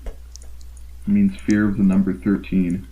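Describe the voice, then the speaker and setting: Young man with deep voice on call. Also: completely flat delivery, slow pace, warm tone. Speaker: podcast co-host asking rapid-fire questions. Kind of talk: casual chat over a call. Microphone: call audio. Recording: dull lo-fi call audio.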